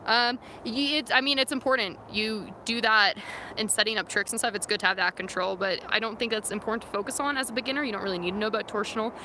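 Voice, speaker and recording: A woman's voice: on the high side, quick pace, bright, forceful tone. A young woman from San Francisco live-streaming outdoors, chatting casually and reading viewer comments aloud. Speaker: vlogger reading live chat. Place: outdoors in the wilderness. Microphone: phone camera. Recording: faint outdoor noise.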